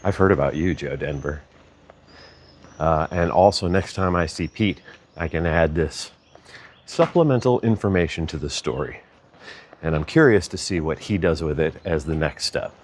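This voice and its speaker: A man's voice: low-pitched, moderate pace, slight background noise. A man vlogging as he walks, telling a chatty, rambling story and correcting himself along the way. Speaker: vlogger walking a pilgrimage route. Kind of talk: casual storytelling to camera.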